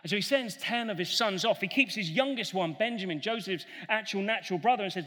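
A man preaching a sermon, retelling a story in an animated way and acting out the characters' voices. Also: high voice, quick pace, hardly any pauses. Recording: long hall reverb.

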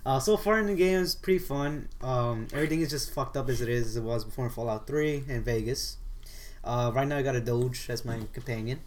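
A man's voice: medium pitch, brisk. A young man co-hosting a casual gaming chat, rambling through his points with many "like"s and "um"s. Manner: rambling, full of "like" and "um". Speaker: podcast co-host.

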